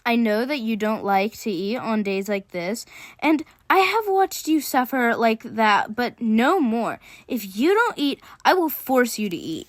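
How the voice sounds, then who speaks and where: A woman's voice: on the high side, animated, a little slow, no echo, studio quality. A woman voicing a stern, bossy teen boy. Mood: angry. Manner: scolding, insistent. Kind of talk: fan audio story voice acting.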